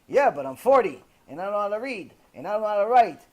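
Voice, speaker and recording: A poor, self-doubting man of forty who pleads and complains, as a man puts him on. His voice sits high. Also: big pitch swings, quick pace. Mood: complaining.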